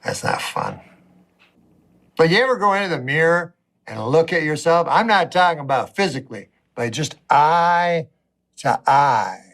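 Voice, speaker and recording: A man doing a rambling, wry stand-up routine, swinging between low mutters and a raised voice. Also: lively intonation, moderate pace, fairly bright tone. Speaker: stand-up comedian.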